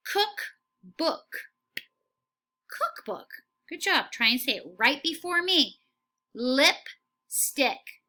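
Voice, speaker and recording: A woman teaching a phonics lesson to young children, speaking slowly and clearly and giving steady encouraging praise. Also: mid-range voice. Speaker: kindergarten teacher.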